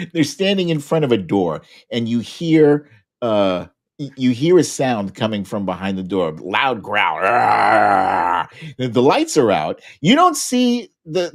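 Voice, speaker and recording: A man guesting on a casual talk show, talking in an animated way and restarting his phrases often. His pitch swings widely as he makes his points. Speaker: guest commentator. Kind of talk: casual political chat.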